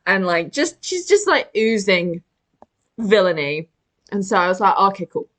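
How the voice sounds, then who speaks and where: A woman co-hosting a podcast in relaxed, rambling chat at a medium pitch. She fills her talk with "like" and often slips into playful quoted voices. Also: measured pace. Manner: chatty, full of "like", acts out quotes. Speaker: podcast co-host. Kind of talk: casual chat.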